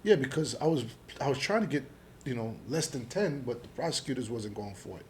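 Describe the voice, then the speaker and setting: A middle-aged man from Jamaica, telling his story as a podcast guest in an animated, profane way, acting out the dialogue. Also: mid-range voice, brisk, a little hiss or hum. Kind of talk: casual storytelling interview.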